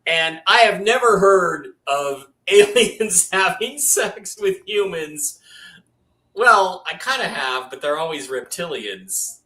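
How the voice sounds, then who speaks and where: A male talk show host with a bright, forceful voice, slightly higher than most men. He talks brashly and swears freely, and he tells his stories with lots of animation. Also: slow pace, rough recording. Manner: brash, profane, animated storytelling. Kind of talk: casual panel talk show.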